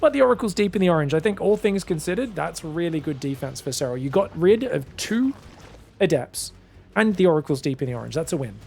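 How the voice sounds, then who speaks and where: A man's voice: fairly high pitch, creaky, darkish tone, slight background noise. A man giving solo play-by-play commentary on a strategy game, chatty, explaining the strategy to viewers and calling them "guys". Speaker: esports caster.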